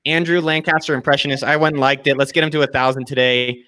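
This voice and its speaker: A man's voice: medium pitch, steady tone, quick pace, sharp tone. A man hosting a casual live video show, enthusiastic and effusive as he thanks and plugs his guests. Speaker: host.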